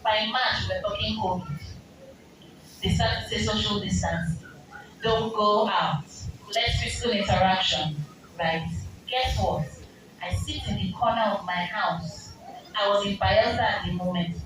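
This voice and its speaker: A woman's voice: mid-range voice, a little slow. A woman with a Nigerian accent, a business coach giving a seminar talk, asking the audience questions and slipping into Pidgin asides. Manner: rhetorical, switching into Pidgin asides. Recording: very echoey hall, distant mic, ambient noise.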